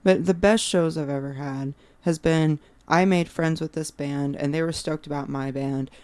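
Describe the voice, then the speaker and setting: A woman in her thirties, a guest musician in casual podcast chat, animated and swearing freely as she acts out what friends said. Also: low-pitched, normal speed. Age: 30s.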